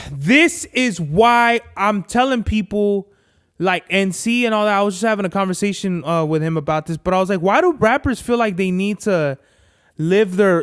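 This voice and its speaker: A man's voice: high voice, clear, resonant tone. A man hosting a podcast, chatting casually and swearing often, telling stories animatedly and acting out the lines of the people in them. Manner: profane, animated storytelling with acted-out quotes. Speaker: podcast host. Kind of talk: casual chat.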